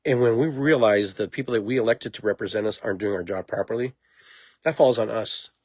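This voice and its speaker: A man hosting a podcast in a casual monologue, talking in an animated, rambling way and laughing at himself. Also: lowish voice, fairly quick, dry recording. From immigrant to the United States. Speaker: podcast host.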